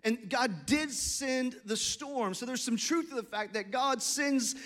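A middle-aged man preaching a sermon as pastor, animated and acting out little voices and asides. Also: very high-pitched, unhurried.

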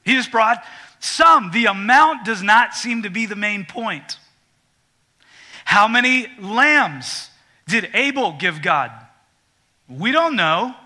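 Pastor guy preaching, pretty high voice, super bright and sharp, acts out the voices. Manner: animated, acts out quoted voices; drops to a quiet, confiding tone. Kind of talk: sermon.

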